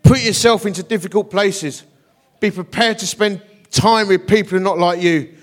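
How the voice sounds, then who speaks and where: Animated preacher with a high voice. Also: male voice, normal speed. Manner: animated, self-deprecating, acts out voices in his story. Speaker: guest preacher. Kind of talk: storytelling sermon.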